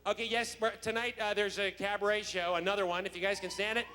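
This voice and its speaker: A man's voice: high-pitched, little pitch movement, fast talker, over loud music. A man, a guest actor at a fan convention, telling a comic backstage story in a chatty, laughing way with many restarts. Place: large convention hall. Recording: echoey hall, faint noise.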